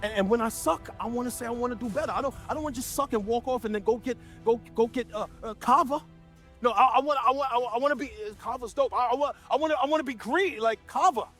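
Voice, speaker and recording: A man's voice: extremely high pitch, quick pace, a bit bright, faint music behind. A man preaching a sermon as pastor to a church gathering, impassioned, often stammering and restarting mid-sentence.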